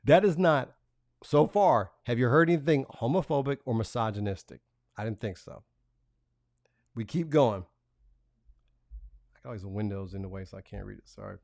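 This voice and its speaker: A man's voice: mid-range voice, normal speed, creaky, long pauses, a little mellow, no room sound, clean studio sound. A man hosting a live stream, talking casually and reading messages aloud in a profane, mocking way, laughing between lines. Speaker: livestream host.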